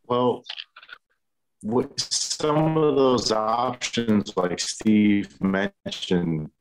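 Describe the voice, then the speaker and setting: A man's voice: lowish voice, very slow, a little hiss or hum, rough recording. A man in casual chat who swears offhandedly, heard over a glitchy internet connection. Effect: glitchy internet audio.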